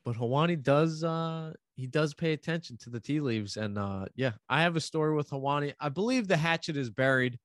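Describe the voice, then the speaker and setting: A man, chatting casually and telling animated gossip stories. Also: a little high, brisk, hardly any pauses, dry recording, clean studio sound. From New York, USA. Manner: animated storyteller, mimics other people's voices. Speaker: podcast guest telling stories. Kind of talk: casual chat.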